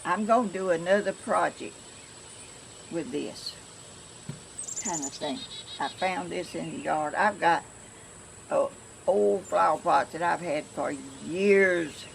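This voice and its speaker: An older woman from Georgia with a flat Southern accent, chatting casually and rambling to her viewers as she shows a crafting project at home. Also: on the low side, slow pace, gravelly, pauses often, a little hiss or hum, rough recording. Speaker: craft vlogger.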